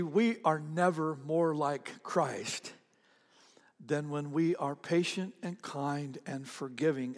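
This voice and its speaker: Storytelling pastor in a reverberant hall. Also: male voice, a little high. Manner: conversational storytelling preacher, repeats phrases for emphasis. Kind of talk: sermon.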